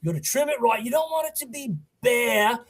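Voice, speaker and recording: A man putting on a loud, rambling Australian accent to play a boisterous tree cutter. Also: extremely high pitch, a little fast, pitched above the performer's own voice. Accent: put-on Australian.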